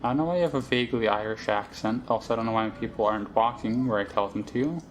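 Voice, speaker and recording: A man's voice: medium pitch, fast talker, a little hiss or hum. A man casually commentating a game he plays, rambling and thinking aloud with lots of fillers. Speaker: let's play host.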